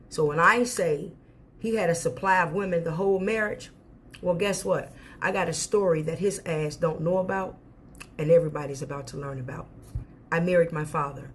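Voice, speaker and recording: Woman vlogger, candid storytime rant, emphatic and profane, faint hiss. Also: low voice. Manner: candid, emphatic, swears freely. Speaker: storyteller recounting her marriage.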